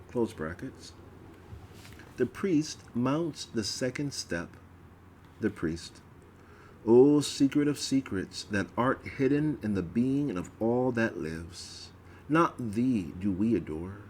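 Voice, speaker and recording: A man slowly reading aloud a ritual text in a measured way, with an occasional stumble. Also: medium pitch, a little hiss or hum. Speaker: reader of a religious text.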